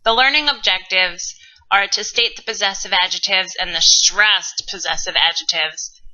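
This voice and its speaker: A woman teacher giving a recorded grammar lesson, explaining slowly and patiently with casual asides. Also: on the low side, pushed and bright. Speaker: Spanish teacher. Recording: dull lo-fi recording.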